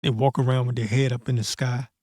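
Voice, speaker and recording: Male host with a warm, low-toned timbre, blunt and profane in casual talk, reads verses slow and deliberate; dry, close recording. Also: level tone, no echo. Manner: blunt and profane, peppers speech with "man"; reads scripture slowly and deliberately. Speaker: host of a prophecy commentary channel. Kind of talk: casual scripture commentary.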